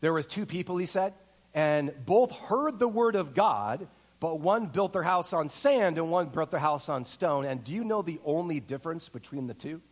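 A middle-aged man preaching a sermon, telling a lively personal story and acting out the voices in it. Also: on the high side, normal speed. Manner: animated storyteller, acts out voices and quotes. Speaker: pastor.

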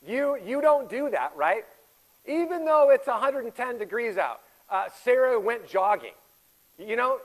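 Man in his forties, pastor, sermon, fairly high voice, animated, loud then hushed. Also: rough recording. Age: 40s. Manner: animated, shifts from loud emphatic to quiet intimate.

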